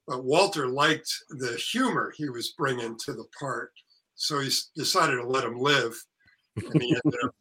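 An older man with a very bright, forceful voice spins casual stories about his acting days. He acts out everyone's lines and swears freely. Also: medium pitch, poor audio. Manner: animated anecdote telling, acting out quotes, swearing. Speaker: actor and author guest. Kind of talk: casual storytelling interview.

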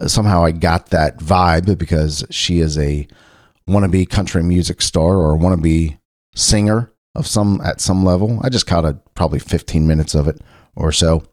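Low-voiced rambling man from Ohio. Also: normal speed, a little mellow, no echo, studio quality. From Cincinnati, Ohio. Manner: rambling, loose and conversational, with frequent restarts. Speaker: podcast host. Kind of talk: casual solo chat.

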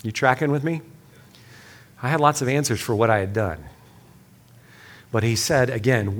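A man giving a sermon-style session, telling a personal story and then leading a quiet, earnest prayer. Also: medium pitch, normal speed, pauses often. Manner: earnest storytelling, drops to soft hushed prayer. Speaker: speaker leading a church session.

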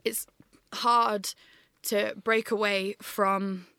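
Woman, guest, earnest, flat monotone delivery, dry sound. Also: medium pitch, extremely slow, clean tone, no room sound. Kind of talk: candid personal talk.

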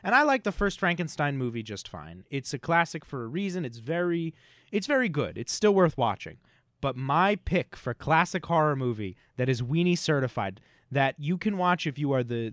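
A man's voice: mid-range voice, very animated, normal speed, fairly bright tone, dry recording, studio quality. A man co-hosting a podcast, rambling and joking casually, swearing now and then. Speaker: podcast co-host.

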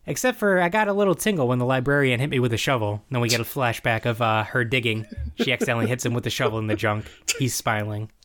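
A man's voice: mid-range voice, fast talker. Man animatedly recapping a show. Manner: animated recapping, acts out quoted lines. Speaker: podcast co-host recapping a show. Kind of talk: casual chat.

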